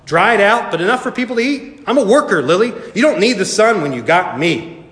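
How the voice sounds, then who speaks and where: A man's voice: high voice, lively intonation, fairly quick, a bit bright, pitched above the performer's own voice. A man playing a proud, grumbling old bean plant. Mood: boastful. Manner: boastful, then bitter and complaining. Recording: echoey hall reverb.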